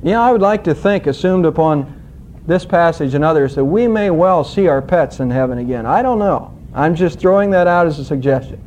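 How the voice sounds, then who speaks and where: A male pastor preaching a sermon, teaching scripture with an expressive, emphatic storytelling manner. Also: fairly high pitch, brisk, slight background noise.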